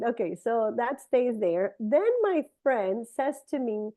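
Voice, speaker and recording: Animated middle-aged woman telling a story. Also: unhurried, hardly any pauses, phone-quality sound. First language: Spanish. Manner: animated, swings into high excited quoted voices. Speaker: speaker sharing a testimony. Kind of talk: casual storytelling talk.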